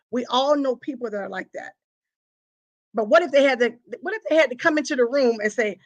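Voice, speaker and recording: A woman's voice: sits high, brisk. A woman, hosting a live talk and preaching to her audience with emphatic, repeated phrases and acted-out confessions.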